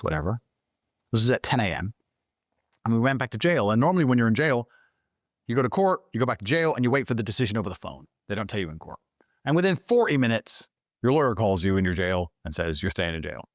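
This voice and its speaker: A man from Britain, a guest in an interview, telling a story in a heated, profane way and swinging into high, excited outbursts. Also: no echo, studio quality.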